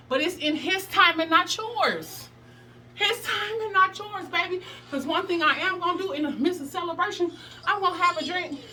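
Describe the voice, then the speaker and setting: Sassy high-voiced woman preaching self-love. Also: bright, forceful tone, slight background noise. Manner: sassy, preachy, emphatic, laughs often. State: out of breath. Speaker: plus-size fitness vlogger. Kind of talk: motivational workout vlog. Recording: distant mic with music behind.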